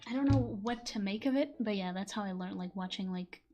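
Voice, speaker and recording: A woman's voice: medium pitch, brisk, dark tone, highs cut off, soft background music. A young woman whose first language is Portuguese, chatting casually on a stream as a voice actor, rambling, laughing often and cursing freely.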